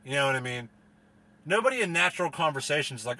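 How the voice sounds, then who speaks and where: A man's voice: on the high side, animated, fast, bright, forceful tone. A man from the US delivering a profane, rambling, exasperated comedic rant as a solo podcast host.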